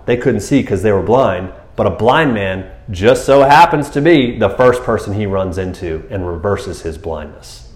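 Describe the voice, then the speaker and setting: A man preaching a sermon who tells the story with animated energy, acting out scenes in high, excited voices and laughing along the way. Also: echoey room. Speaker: pastor.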